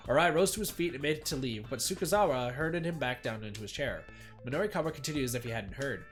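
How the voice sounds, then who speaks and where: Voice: mid-range voice, expressive, fast talker, faint music behind. A streamer reading a visual novel aloud, with chatty, self-mocking asides.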